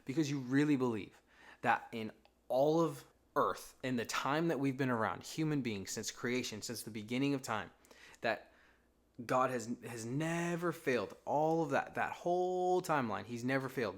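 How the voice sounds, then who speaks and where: A man's voice: medium pitch, normal speed. Casual young man preaching conversationally. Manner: casual, conversational, acts out quoted thoughts. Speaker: Christian content creator. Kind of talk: faith-talk monologue.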